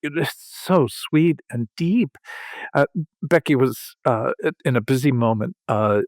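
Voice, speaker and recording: An older man talking slowly in a reflective conversation, halting and restarting, with sudden lifts in pitch. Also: lively intonation, dry recording, studio quality. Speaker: podcast host.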